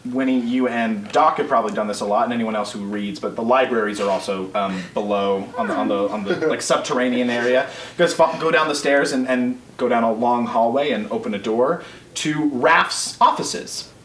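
A man's voice: medium pitch, normal speed, a bit bright. A man narrating as game master in a casual, rambling way, full of fillers and restarts. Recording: roomy, distant mic with faint noise.

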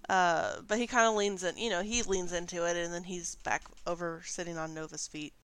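A woman's voice: fairly low pitch, fairly even intonation, a little fast, fairly bright tone, clean tone. A woman narrating as dungeon master of a tabletop game, giggly and rambling, often correcting herself.

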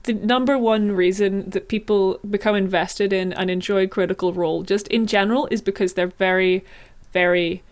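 A woman's voice: medium pitch, fairly even intonation, moderate pace. A woman chatting on a podcast in a wry, rambling way, often correcting herself. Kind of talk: casual podcast chat.

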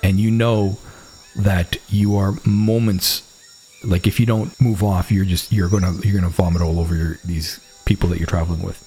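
Low-voiced man running a tabletop game. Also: normal speed, slight background noise. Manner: relaxed, conversational narration with restarts. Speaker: game master.

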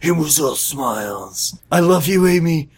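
A man with a somewhat high voice reads fanfiction aloud for laughs, his pitch leaping all over the place. He keeps stopping to crack jokes and comment on the text. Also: lively intonation, measured pace, slightly rough. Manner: breaks into laughter and side comments while reading. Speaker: podcast co-host reading fanfiction aloud. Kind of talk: comedic dramatic reading with banter.

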